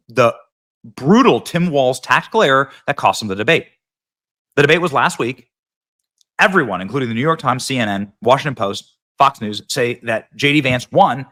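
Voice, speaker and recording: A man's voice: mid-range voice, bright, forceful tone. A man hosting casual political commentary, sarcastic and mocking, sometimes mimicking voices.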